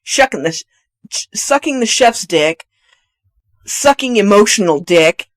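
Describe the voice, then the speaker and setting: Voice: medium pitch, unhurried, no echo. A podcast co-host chatting casually about a movie, laughing often and acting out scenes. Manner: laughs often, retells scenes with lively voices. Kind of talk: casual movie review chat.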